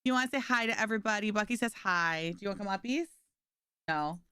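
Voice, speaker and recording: Bubbly young woman streaming, chatting with chat, clear smooth voice, no room echo. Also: mid-range voice, quick pace, bright, forceful tone, clean studio sound. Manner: bubbly, talks to chat and her dog, lots of "like". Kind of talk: casual live-stream chat.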